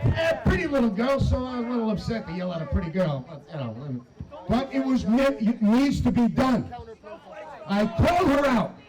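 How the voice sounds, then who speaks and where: A man giving a shouted, emphatic and profane speech to a crowd at an outdoor protest. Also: extremely high pitch, animated, moderate pace, poor audio. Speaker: protest speaker. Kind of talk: rally speech.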